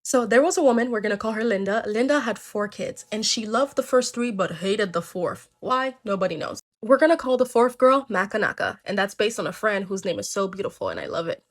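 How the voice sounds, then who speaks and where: A woman's voice: mid-range voice, quick pace, few pauses. A woman casually telling folktales, chatty and slangy, with asides to her listeners. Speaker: storyteller. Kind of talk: casual storytelling.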